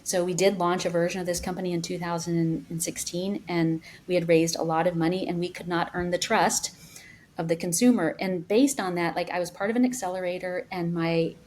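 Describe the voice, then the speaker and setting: A woman in her fifties, a founder talking as a podcast guest, telling stories in a lively way with many fillers. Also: lowish voice, fairly quick, slight background noise. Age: 50s. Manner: animated storyteller, many fillers. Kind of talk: casual interview talk.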